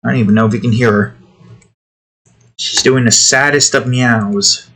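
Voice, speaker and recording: A man's voice: medium pitch, steady tone, moderate pace, a bit bright. Man, casual drawing commentary, mutters to himself, barks at his cat now and then. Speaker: artist drawing on stream.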